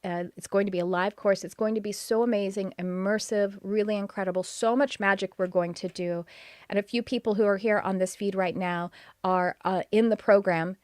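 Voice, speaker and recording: A woman's voice: medium pitch, steady tone, brisk, a little mellow, no echo, clean studio sound. Enthusiastic Texan woman hosting a live stream. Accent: Texas. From Texas. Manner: enthusiastic, greets viewers by name. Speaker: podcast host.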